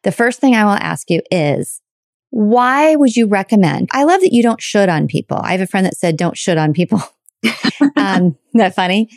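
A woman's voice: medium pitch, sing-song, normal speed, no room sound, studio quality. A middle-aged woman hosting a podcast, talking in a chatty, candid and self-deprecating way. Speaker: podcast host. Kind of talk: casual interview chat.

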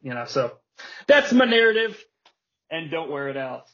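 A man hosting a casual podcast, telling a story with energy, putting on quick voices and laughing often. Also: on the high side. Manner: animated storytelling, acts out wrestler quotes and laughs often. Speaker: podcast host. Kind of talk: casual chat. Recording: dull lo-fi podcast audio.

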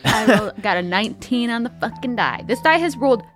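A woman taking part in a tabletop game, calling out her moves and dropping dry jokes. Her voice sits a little higher than most women's. She sounds quick and playful. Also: lively intonation, a bit bright, faint music behind. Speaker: player. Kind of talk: casual tabletop play.

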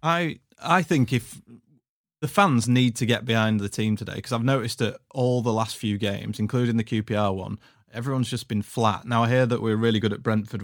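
A man's voice: lowish voice, dry recording, clean studio sound. Easygoing man talking football stats. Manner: easygoing, reads stats steadily. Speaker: podcast co-host. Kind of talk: casual football podcast chat. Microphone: recorded at home.

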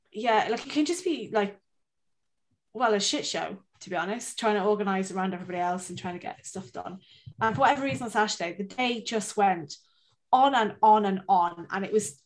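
Woman in her thirties, rambling storyteller, swears freely, self-mocking; casual podcast chat. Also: medium pitch. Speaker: podcast co-host.

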